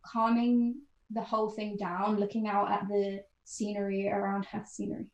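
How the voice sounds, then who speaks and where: A woman co-hosting a casual podcast chat, talking with animated enthusiasm and laughing often. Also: mid-range voice, moderate pace, roomy sound, dull audio. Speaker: podcast co-host.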